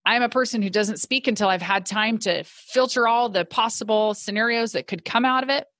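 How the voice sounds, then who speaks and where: A woman's voice: fairly high pitch, fairly quick, a bit bright, dry recording, clean studio sound. A middle-aged woman, a podcast guest and business owner, telling a personal story in an earnest way and acting out her past thoughts with animation.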